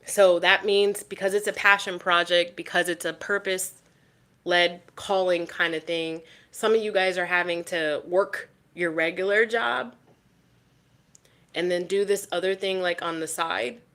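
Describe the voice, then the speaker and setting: A woman reads tarot cards for her viewers in a loose, lively way. Her voice sits a little low, and she swears casually and repeats her points for emphasis. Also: a little slow. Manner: animated, swears freely, talks straight to the viewer. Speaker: tarot reader. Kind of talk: casual tarot reading to camera.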